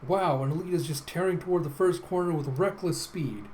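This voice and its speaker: Guy narrating a comic readthrough, animated, a bit high, faint hiss behind. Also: fairly quick, few pauses, poor audio. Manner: animated, swears and laughs. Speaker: host. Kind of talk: comic readthrough, casual retelling.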